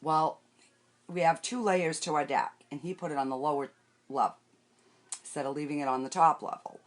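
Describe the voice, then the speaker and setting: An older makeup vlogger with a low, steady voice chats casually at normal speed on a live stream. She rambles through her day and greets viewers by name while wiping her face and doing her makeup.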